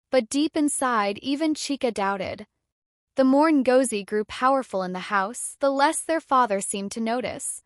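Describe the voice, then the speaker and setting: In a steady storytelling manner, a woman narrates a dramatic folktale at an unhurried pace. Her voice sits fairly high, and the recording is close and dry with no room echo.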